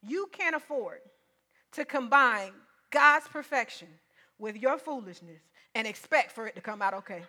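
A woman's voice: fairly high pitch, expressive, normal speed, pushed and bright. A woman preacher giving a sermon in an emphatic, conversational way, often repeating her points.

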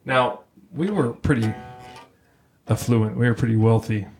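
A man's voice: medium pitch, unhurried, darkish tone, soft background music. A man in casual banter, reminiscing with jokes and crude asides. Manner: joking, rambling, crude asides.

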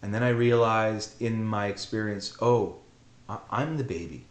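There's a roomy echo around this middle-aged man's low-leaning voice as he tells a podcast audience a personal, heartfelt story. He's sincere and moved, often stopping short and going back over his own words.

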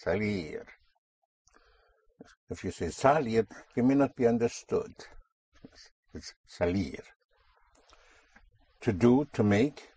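A man's voice: fairly low pitch, animated, slow pace, pauses often, dark tone, husky. A man teaching a language class, patiently drilling words and correcting pronunciation.

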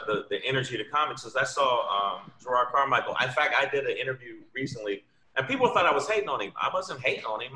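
A man's voice: mid-range voice, sharp tone, a little hiss or hum. A man from New York, a guest comedian, telling blunt, profane stories in casual chat. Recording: echoey room.

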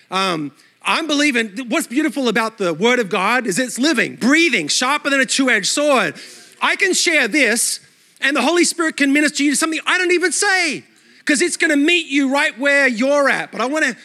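Aussie-american pastor guy preaching in church, chatty, pretty high voice, bright and ringing. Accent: Australian with some American. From Australia. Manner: lively and conversational, asks the congregation questions. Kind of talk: sermon. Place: church sanctuary.

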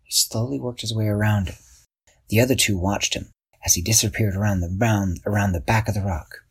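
A man narrating a children's story, expressive and slowing down for suspense. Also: on the low side, slightly rough.

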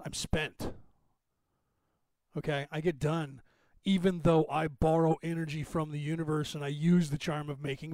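A man hosting a podcast, talking quickly in a rambling, digressive monologue. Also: a little high, a little mellow, dry recording. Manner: rapid, talkative, digressive. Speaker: podcast host.

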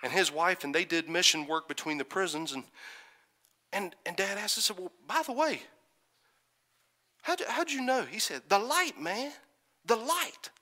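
A man preaching a sermon, moving from quiet storytelling to loud, fervent calls and asking the congregation for an "Amen". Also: high-pitched, expressive, moderate pace, long pauses. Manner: builds from soft musing to shouted fervor, calls "Amen?".

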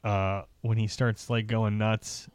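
A man's voice: lowish voice, smooth, no echo. A man hosting a podcast, chatting casually and laughing often as he recalls favorite comedy scenes. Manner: excitable, laughs often, does quick impressions. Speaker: podcast host. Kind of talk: casual chat.

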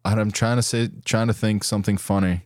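A man's voice: lowish voice, level tone, brisk, darkish tone, dry recording, clean studio sound. A man from Brazil co-hosting a podcast in casual chat, teasing and swearing a lot. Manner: crude, teasing, heavy swearing. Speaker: podcast co-host.

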